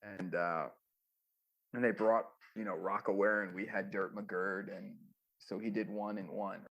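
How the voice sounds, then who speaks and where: A man's voice: lowish voice, level tone, measured pace, vocal fry, fairly bright tone, highs cut off. A man, a former music manager, telling rambling stories with many fillers in a casual interview.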